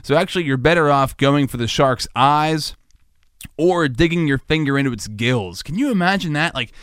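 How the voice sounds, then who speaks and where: A man hosting a solo comedic podcast, rambling goofily and jumping into high-pitched mock panic. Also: lively intonation, moderate pace, a bit bright, clean tone, no room sound, studio quality. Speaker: podcast host.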